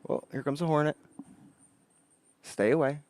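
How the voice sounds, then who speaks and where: A man's voice: fairly high pitch, moderate pace, darkish tone, no echo. A man hosting a casual livestream outdoors, chatting with viewers and thinking aloud. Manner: rambling, greets chat, thinks aloud. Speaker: livestream host. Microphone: desk microphone.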